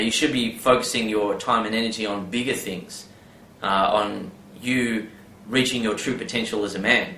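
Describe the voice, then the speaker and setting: A man's voice: on the low side, a bit bright, slight background noise. A man giving a casual advice monologue, rambling with many fillers and tag questions. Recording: roomy with faint background ambience.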